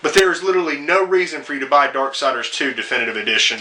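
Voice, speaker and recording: A man's voice: mid-range voice, quick pace, few pauses, pushed and bright, a little hiss or hum. A young man delivering a profane, sarcastic rant as a video game reviewer, with frequent swearing and exasperated asides. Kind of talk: ranting commentary video.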